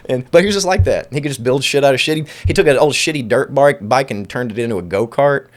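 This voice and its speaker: A man's voice: medium pitch, fast. A middle-aged man, telling loose, profane stories on a casual podcast. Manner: profane storytelling, acts out quoted voices. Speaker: podcast host. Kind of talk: uncensored casual chat.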